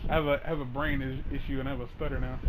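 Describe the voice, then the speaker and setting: A man hosting a casual podcast chat, telling a long story in a rambling, animated way, full of "like" and restarts. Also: mid-range voice, rapid-fire, background noise. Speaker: host.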